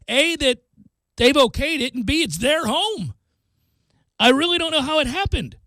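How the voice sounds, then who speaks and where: A man hosts a sports talk radio show from a studio. His voice sits high and he talks casually, jumping into animated acted-out quotes. The sound is close and dry. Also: measured pace, no room sound. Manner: animated, acts out quotes in bursts.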